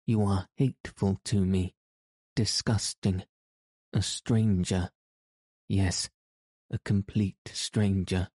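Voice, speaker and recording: A man's voice: sits low, steady tone, slow pace, long pauses, dark tone, breathy edge, no room sound, studio quality, exaggerated voice. A man reading the lines of a betrayed wife, cold and accusing, in an audiobook. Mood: bitter. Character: bitter betrayed wife, grown woman.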